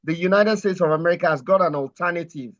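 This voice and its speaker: A man speaking in a political discussion, hesitant and measured, with many fillers and restarts. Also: high voice, fairly bright tone. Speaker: panel guest. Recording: muffled lo-fi sound.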